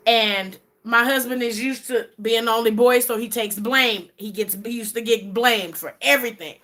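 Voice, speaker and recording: A woman, chatting bluntly and profanely to a live-stream audience, sometimes dropping to a low, quiet voice. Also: normal speed, hardly any pauses, faint music behind. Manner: blunt and profane, with quoted asides; drops to a low, quiet voice in places. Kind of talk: casual live-stream chat.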